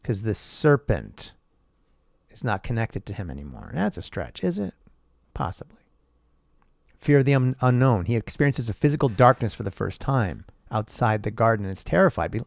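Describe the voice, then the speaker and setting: A man with a gravelly, low voice talks through texts in casual commentary. He swears freely, drifts off topic and lets sarcasm carry the talk. The recording is dry and close, with no room around it. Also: no room sound. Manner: profane, sarcastic, rambling, laughs at own jokes. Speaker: podcast host.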